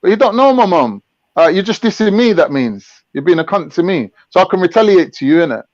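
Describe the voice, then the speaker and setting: A man's voice: sits high, animated, fast talker, darkish tone, no room sound. A man hosting a casual chat, ranting and mocking in crude slang. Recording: dull, dry lo-fi mic.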